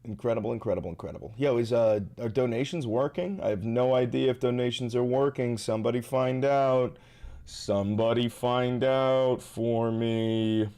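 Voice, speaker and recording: Male streamer, mid-pitched, casual and foul-mouthed, sarcastic rant delivery. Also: fairly quick, gravelly, few pauses, mellow. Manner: profane, sarcastic ranting. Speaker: live streamer and political commentator. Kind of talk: casual livestream commentary.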